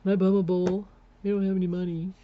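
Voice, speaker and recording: A woman's voice: medium pitch, little pitch movement, quick pace, muffled recording, close to an everyday voice. A woman voicing her lazy, mooching husband in a wheedling tone. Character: lazy scrounging husband, adult man.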